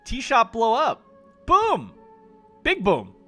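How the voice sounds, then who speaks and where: A sneaky, suspicious kobold, put on by a man speaks in curt, broken scraps of speech. The voice is high and squeaky, with lively swings in pitch. Faint music plays behind him. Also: slow pace, heavily acted. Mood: evasive.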